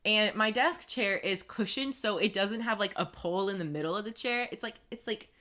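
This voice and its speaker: A woman's voice: medium pitch, normal speed. A young woman, telling a story in casual chat as a podcast co-host, laughing often. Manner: animated storytelling with frequent laughs.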